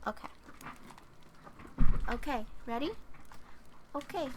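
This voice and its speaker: Soft-spoken young woman, rambling casually. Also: sits high, expressive, slow, heavy background noise. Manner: casual, rambling, full of "like" fillers; playful, silly wordplay. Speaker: streamer doing oracle card readings. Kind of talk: soft-spoken ASMR chat.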